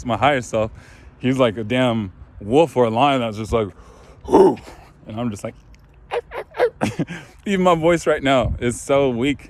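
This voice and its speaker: Man, mid-pitched, casual spiritual talker, crackly throat, faint street noise behind. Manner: relaxed, rambling, full of "you know". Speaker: spiritual video host.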